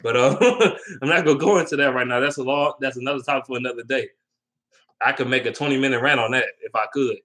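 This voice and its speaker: A young man with a bright, forward voice talks sports off the cuff. He rambles from one opinion to the next, slangy and loose, full of ums and restarts, in a middle-pitched voice. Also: fast. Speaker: sports vlogger. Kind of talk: casual sports talk.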